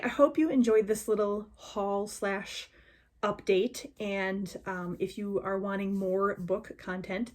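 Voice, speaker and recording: A woman's voice: medium pitch, a little mellow. A woman book vlogger talking casually and with enthusiasm, with lots of ums. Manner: chatty, enthusiastic, many ums. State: hiccuping. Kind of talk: casual chat.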